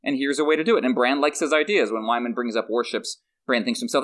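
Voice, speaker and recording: Fast-talking man in casual analysis. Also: mid-range voice. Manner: fast, animated, restarts. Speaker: podcast co-host.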